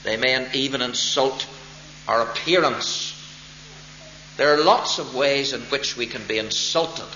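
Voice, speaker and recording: A man preaching a sermon as pastor, expounding a text deliberately and stressing key words with emphatic rises. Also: mid-range voice, sharp tone, a little hiss or hum. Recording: roomy, dull lo-fi church recording.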